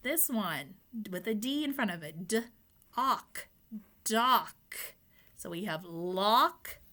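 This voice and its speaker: During a phonics lesson for young children, a woman teacher patiently sounds out letters and words and asks the children questions, prompting their answers. Her medium-pitched voice is animated, slow, pushed and bright.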